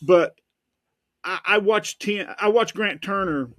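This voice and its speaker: A male podcast host with a fairly high-pitched voice talks in a casual, emphatic way. He circles back and repeats his points, stumbling over restarts. His sound is dry and close, with no room echo. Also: a bit bright. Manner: repetitive, emphatic, halting with restarts.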